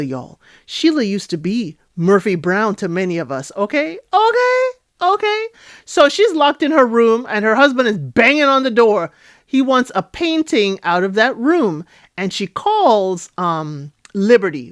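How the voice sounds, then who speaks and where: Woman doing a chatty show recap, higher voice, dry close sound, keeps talking right to her viewers. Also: no echo. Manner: chatty, animated, addresses viewers directly, frequent "you know" and "okay?". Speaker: TV recap host. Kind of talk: casual TV recap and review.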